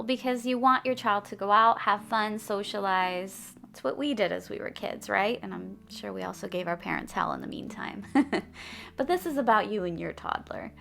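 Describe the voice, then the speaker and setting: A woman's voice: medium pitch, normal speed, vocal fry, fairly bright tone. A woman in her thirties, a behavior analyst, giving parenting advice to camera in a friendly, chatty way. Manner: friendly, chatty, laughs between points. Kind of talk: direct-to-camera parenting tips.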